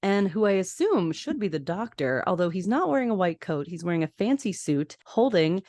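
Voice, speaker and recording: A woman hosting a podcast, casually recapping a TV episode in a chatty, expressive way, mixing plot narration with her own opinions. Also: lowish voice, moderate pace, no room sound, clean studio sound. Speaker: podcast host. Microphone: podcast microphone.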